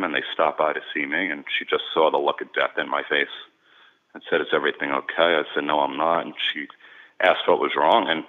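A man's voice: very deep voice, phone-quality sound. A man, a sports and celebrity agent, candidly recounting his own story as a guest in an interview, earnest and repeating words when moved.

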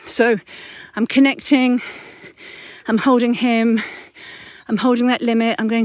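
Woman, high-pitched voice, candid chatty parenting talk, walking outdoors, dry close sound. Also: moderate pace, darkish tone, no room sound. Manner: candid, chatty, self-correcting. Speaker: parenting podcast host and mother. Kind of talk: casual reflective monologue. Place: outdoors, walking up a hill at dusk.

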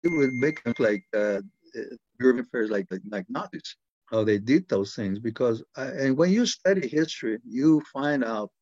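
A man's voice: medium pitch, darkish tone, dry recording. Older American man, interviewee, blunt and rambling with restarts; dry, slightly muffled recording. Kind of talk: casual talk.

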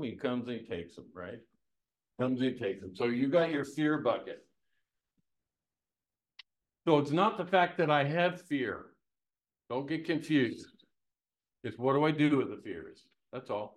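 A man leads a Bible teaching in a relaxed, conversational way. His voice sits in an ordinary middle pitch. He keeps it lively and folksy, tossing rhetorical questions to the room and leaning on homespun humor. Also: unhurried. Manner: lively, asks the audience many rhetorical questions.

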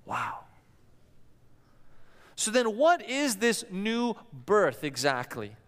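A male pastor preaches in a high, clear, smooth voice, his words ringing out with a long reverb through a church hall. He tells stories and slips into the voices of the people he quotes. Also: sing-song, drawn-out words, fairly bright tone. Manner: storytelling preacher who acts out quoted voices. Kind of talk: sermon.

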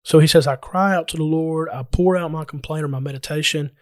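Preacher, male, slightly higher voice, earnest and explanatory, talks straight to listeners, dry recording. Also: fairly even intonation, brisk, dry recording. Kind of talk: sermon.

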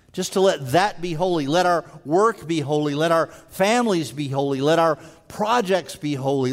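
A man preaching a sermon in earnest, stumbling over restarts and dropping to a slow, quiet voice for emphasis. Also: a little high. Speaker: pastor. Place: church sanctuary. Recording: long hall reverb.

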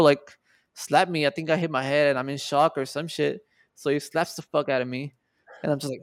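A man's voice: a little high, quick pace, gravelly, no room sound, clean studio sound. A man in his twenties, a podcast guest, casually retelling a story with lots of swearing and acted-out quotes. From Mexico. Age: 20s. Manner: profane, animated retelling with quoted dialogue.

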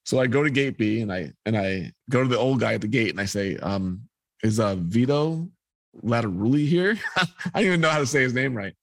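A man's voice: mid-range voice, lively intonation, brisk, gravelly, dry recording. A man, a guest telling a long personal story and acting out the people in it. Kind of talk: storytelling in a podcast conversation.

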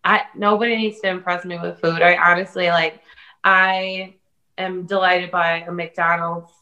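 A woman chef talking as a guest on a video call, telling lively, swear-laced stories and mimicking her family's voices. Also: fairly low pitch, a little slow, muffled recording. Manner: animated storyteller who swears casually and mimics family voices. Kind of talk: casual video-call chat.

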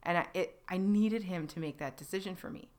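A woman in her thirties speaks with a slightly low voice and recalls her own experiences. She talks in a reflective, unscripted way, with frequent pauses, fillers and restarts. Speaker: podcast host. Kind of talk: personal storytelling monologue.

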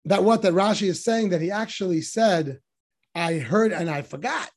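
With a voice that sits high and a normal pace, this man teaches Torah in a text study class on religious commentary. He relies on emphatic rhetorical questions and raises his voice when quoting.

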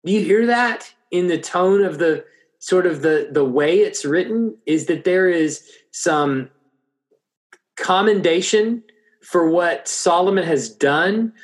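A man's voice: sits high, takes it slowly. A man preaching an expository Bible lesson, thinking aloud with frequent restarts.

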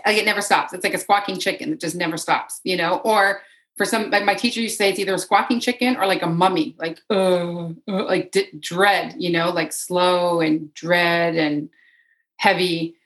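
A woman's voice: mid-range voice, quick pace, a bit bright, low-quality recording. A woman who works as an energy healer, explaining as a podcast guest in an earnest way, often repeating phrases for emphasis. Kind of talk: conversational interview.

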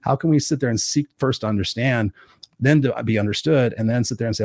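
A man's voice: mid-range voice, darkish tone, dry recording, studio quality. A man co-hosting a motivational podcast, talking emphatically and swearing casually. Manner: rapid, emphatic, loose profanity. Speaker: podcast co-host.

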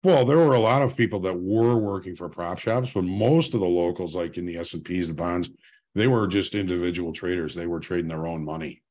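Deep-voiced man reminiscing on a podcast. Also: brisk, darkish tone. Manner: laid-back, reminiscing with dry humor. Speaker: guest performance coach. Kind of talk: casual podcast chat.

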